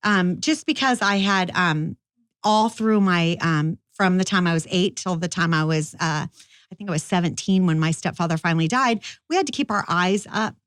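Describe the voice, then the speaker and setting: A woman's voice: lowish voice, moderate pace, smooth, no room sound. A middle-aged woman, a firearms instructor, telling her story in a casual, rambling interview with lots of fillers. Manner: chatty, rambling, many fillers.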